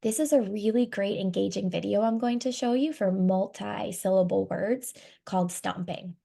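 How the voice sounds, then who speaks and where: A woman's voice: mid-range voice, normal speed, vocal fry, warm tone. A woman who directs reading instruction, explaining material slide by slide in a webinar presentation. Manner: explanatory, walks through slides.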